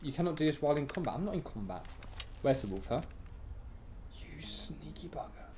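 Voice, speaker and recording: A streamer giving excitable let's-play commentary, taunting enemies in the game. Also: medium pitch, racing, a little hiss or hum. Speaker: gaming streamer.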